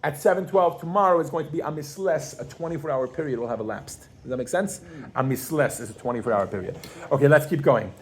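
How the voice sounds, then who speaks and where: A pregnant woman leads a classroom lesson in a casual, animated way. She keeps firing questions at her students and talks with easy fillers and restarts. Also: deep voice, quick pace. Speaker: Yiddish teacher.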